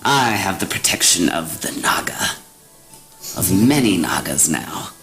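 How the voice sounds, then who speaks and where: A man's voice: sits low, lively intonation, measured pace, bright, forceful tone, soft background music, pitched below the performer's own voice, exaggerated voice, poor audio. A man voicing a cruel, scheming old female hag who mocks and taunts with cackles. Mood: mocking.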